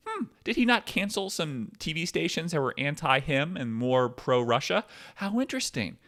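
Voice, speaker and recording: A man hosting a podcast, ranting with sarcastic, profane commentary that swings from low mutters to loud outbursts. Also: big pitch swings, moderate pace. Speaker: podcast host.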